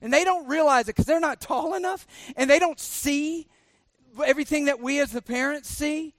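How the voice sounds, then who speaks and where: A man's voice: very high voice, moderate pace, no echo, clean studio sound. A middle-aged man, a pastor preaching a sermon, joking and sarcastic while he quizzes the congregation with questions.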